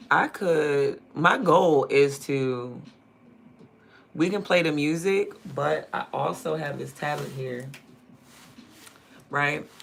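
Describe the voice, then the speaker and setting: Creaky, bright DMV-accented streamer man. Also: fairly high pitch, slight background noise. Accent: DMV (Washington, D.C. area). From Prince George's County, Maryland. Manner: rambling, thinks aloud, trails off mid-sentence. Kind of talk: casual livestream chat.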